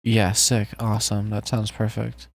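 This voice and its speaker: A man's voice: on the low side, a little slow, vocal fry, slight background noise. A man making music on a live stream, chatting casually with viewers and joking as he works. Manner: relaxed, jokey, talks to chat while working.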